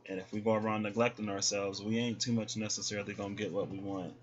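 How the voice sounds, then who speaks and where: A man talks through a tarot spread in a relaxed, folksy way, addressing his viewers as y'all. His voice sits a little low, and the recording sounds muffled and lo-fi, as if from a cheap home mic. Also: fast talker. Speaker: tarot reader. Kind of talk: casual tarot reading vlog.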